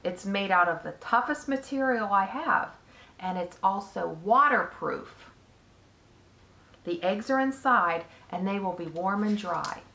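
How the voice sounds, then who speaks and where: A woman voicing a wise, gentle female spider who talks slowly and calmly in a storybook reading. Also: medium pitch, gravelly, full character voice. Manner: slow, calm, measured. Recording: echoey room.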